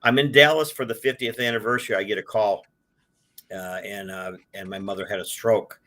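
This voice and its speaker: A man's voice: lowish voice, fairly even intonation, a little fast, bright, forceful tone. A man in his sixties from Detroit, telling his life story as a guest in a casual chat, with lots of fillers and restarts. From Detroit, USA. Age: 60s. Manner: rambling, with many fillers and restarts. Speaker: guest, collector.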